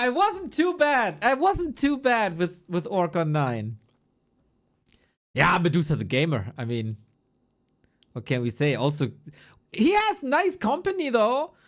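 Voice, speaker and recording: A female esports caster with a medium-pitched voice chats on a live stream, relaxed and playful. She swears and laughs a little as she works through the rankings.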